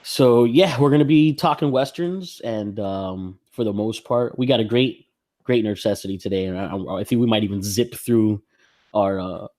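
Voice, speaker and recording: A man chats easily as a podcast host, rambling and laughing often. His voice sits on the low side. The recording is dry, with no room sound. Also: moderate pace, a little mellow, no room sound. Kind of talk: casual chat.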